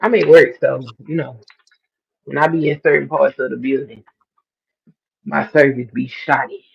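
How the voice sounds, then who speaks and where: A man's voice: mid-range voice, fairly even intonation, normal speed, vocal fry, slightly rough. A man calling in from work during a casual phone chat, giving short, laid-back replies. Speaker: caller. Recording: lo-fi phone call from a workplace.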